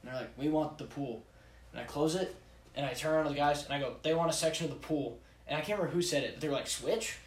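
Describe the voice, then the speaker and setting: A young man and baseball player telling a rambling, animated team-trip story in casual chat, acting out what everyone said. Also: fairly high pitch, rapid-fire. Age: young adult. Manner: rambling, animated anecdote with acted-out quotes. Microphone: phone recording app. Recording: roomy echo, distant from the mic, faint ambience.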